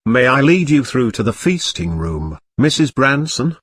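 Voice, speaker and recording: A man's voice: medium pitch, very animated, measured pace, a bit bright, a little hiss or hum. A man reading a storybook parody, voicing a spoiled boy cousin putting on a posh voice.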